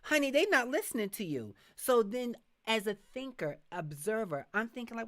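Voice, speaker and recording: A middle-aged woman hosting a live podcast, talking frankly and reading viewer comments, acting out quick asides as she tells stories. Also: fairly high pitch. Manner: frank, animated storytelling with voiced asides. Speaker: podcast host.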